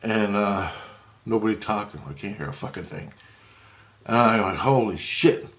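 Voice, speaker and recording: Excitable, profane male storyteller. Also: lowish voice, moderate pace. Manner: profane, excitable, rambling retelling with restarts. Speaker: vlogger. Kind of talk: casual storytelling.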